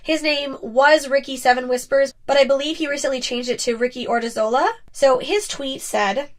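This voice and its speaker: Young woman, high bright voice, casual podcast host, candid, expressive. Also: normal speed. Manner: candid and expressive, sometimes teasing. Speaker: podcast host and ASMR creator.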